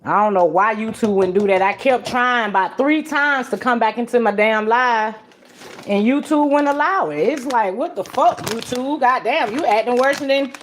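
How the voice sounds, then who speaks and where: A podcast host on a livestream talks bluntly and casually, cursing plenty and laughing often. Her voice is fairly high at a normal speed, with a little hiss or hum in the audio.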